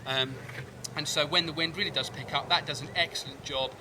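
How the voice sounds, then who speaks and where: A man giving a measured, enthusiastic product review, often doubling words for emphasis. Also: on the high side, steady tone, background noise. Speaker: kayak reviewer.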